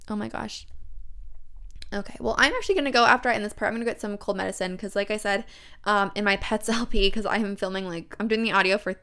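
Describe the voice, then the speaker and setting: A young woman with a stuffy nose from a cold, chatting excitedly and casually as she comments on her gameplay. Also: medium pitch, clean tone. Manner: chatty, excitable, many fillers. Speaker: let's play host.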